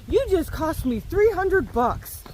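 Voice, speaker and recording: A woman's voice: very high voice, expressive, slow, darkish tone, a little hiss or hum, pitched above the performer's own voice, exaggerated voice, poor audio. A woman mimicking a grumbling hiker man who lost a bet. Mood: mock-indignant. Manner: mock-indignant.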